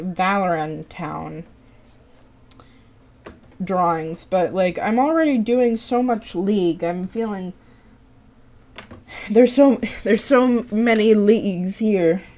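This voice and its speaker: A tired young woman rambles through a live stream, swearing casually and teasing herself as she draws. She talks slowly, and her voice is mellow and soft-edged. It is loose, unscripted chat. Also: mid-range voice, lively intonation.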